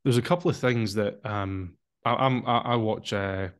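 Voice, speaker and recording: A man hosting an interview podcast, asking his questions in a hesitant, halting way. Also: on the low side. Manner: hesitant, halting, many fillers and restarts. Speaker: podcast host.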